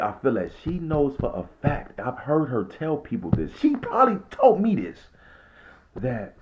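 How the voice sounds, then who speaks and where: A man who works as a restaurant server, telling a story in a casual vlog, swinging between loud and hushed and acting out the quotes. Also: fairly high pitch.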